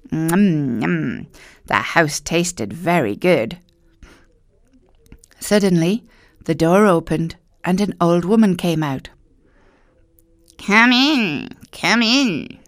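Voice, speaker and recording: Woman reading a fairy tale aloud, unhurried and expressive, dry close sound. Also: lowish voice, dry recording. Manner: slow, expressive, emphatic storytelling. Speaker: storyteller. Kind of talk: children's story narration.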